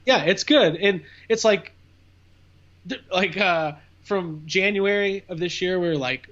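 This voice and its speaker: A man's voice: high voice, slow pace, fairly bright tone, lo-fi sound. A man chatting as a podcast guest, rambling and playful with lots of fillers. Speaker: podcast guest, cousin of host. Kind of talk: casual comedic chat.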